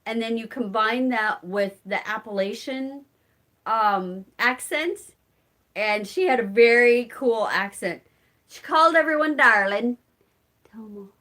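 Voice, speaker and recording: This rural Southern Illinois woman has a slightly high, fairly bright voice and takes things slowly. She's the host of a casual live-stream chat, reading viewer messages, addressing people by name, and laughing often in her regional accent.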